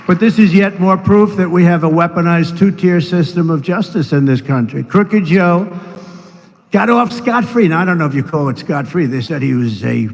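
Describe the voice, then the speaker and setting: Older man with a high voice, rambling. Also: animated, normal speed, creaky. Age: 70s. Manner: digressive, with conversational asides and mocking impressions. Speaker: political speaker at a rally. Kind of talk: rambling rally speech. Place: large rally venue. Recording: long reverb of a big venue, faint noise.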